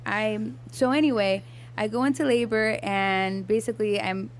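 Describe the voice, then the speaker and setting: A woman's voice: medium pitch, steady tone, normal speed, a little hiss or hum. Candid young woman telling a story. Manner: candid, swears freely, many fillers and restarts. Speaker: podcast guest. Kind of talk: casual storytelling chat.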